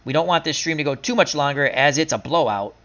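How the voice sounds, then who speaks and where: A man narrates his simulated football game in a loose, chatty stream style, reeling off scores, player names and stats. His voice is bright and tense, a bit higher than most men's. The sound is dull and lo-fi. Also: expressive. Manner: chatty, recaps stats in quick lists, laughs at his own losses. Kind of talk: casual stream commentary.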